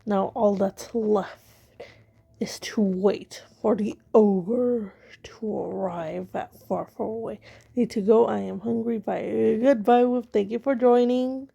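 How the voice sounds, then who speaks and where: A woman voicing a mysterious, scheming hooded figure in a hushed, conspiratorial tone. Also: fairly high pitch, fairly even intonation, unhurried, creaky, lo-fi sound, heavily acted. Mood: secretive.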